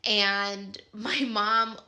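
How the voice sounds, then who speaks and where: A woman's voice: medium pitch, flat delivery, drawn-out words, sharp tone. A woman in her thirties with a Midwestern American accent, casually telling a personal story with lots of "like" and "um". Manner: chatty, many fillers like "like" and "um".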